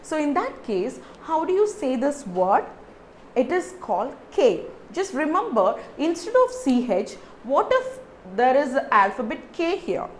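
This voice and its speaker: A woman's voice: high voice, big pitch swings, a little slow, slight background noise. A woman with an Indian English accent teaching pronunciation, repeating words and spelling them out letter by letter. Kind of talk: teaching lesson to camera.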